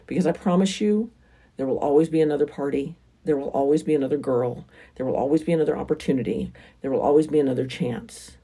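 Blunt woman with a husky, mellow voice. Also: low-pitched, fast. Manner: frank, blunt, emphatic. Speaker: relationship advice host. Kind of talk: casual advice monologue.

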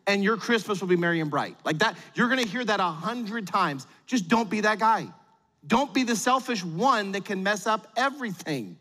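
Man, pastor, sermon, animated, acts out voices, high voice, long hall reverb. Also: normal speed.

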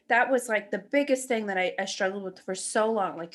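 A woman's voice: medium pitch, brisk, hardly any pauses. A woman in a candid conversation, blunt and emotional, swearing freely and acting out her inner voice. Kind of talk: casual heart-to-heart chat.

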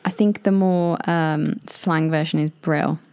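A woman's voice: low-pitched, fairly even intonation, measured pace, warm tone, clear, resonant tone. A young woman with a British English accent, chatting playfully and casually in a podcast conversation, often trying out phrases. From Britain.

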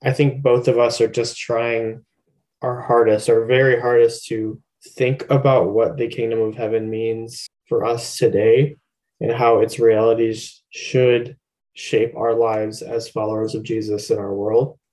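Man, podcast co-host, relaxed, joking, conversational, warm mellow tone. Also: medium pitch, a little slow, rough recording. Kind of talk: casual faith podcast discussion.

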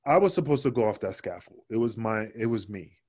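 Animated, foul-mouthed man telling stories. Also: on the low side, fairly quick. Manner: swears a lot, animated, acts out quotes. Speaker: interview guest, former wrestler. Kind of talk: casual storytelling interview.

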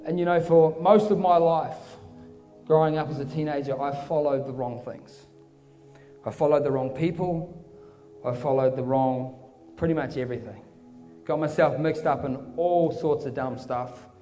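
A man's voice: a little high, steady tone, moderate pace. A man preaching a sermon in a fervent, casual storytelling manner. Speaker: pastor. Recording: reverberant hall with soft music.

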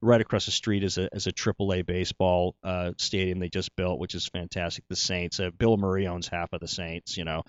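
A man's voice: deep voice, flat delivery, brisk, hardly any pauses, no room sound, dull audio. A middle-aged male actor telling his story in a casual interview, rambling, with many restarts and "you know"s.

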